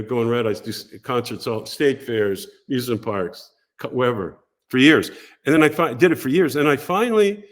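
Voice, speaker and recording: An older man, a podcast guest, telling animated stories from his career and briefly acting out other people's voices. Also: medium pitch. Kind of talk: casual storytelling interview.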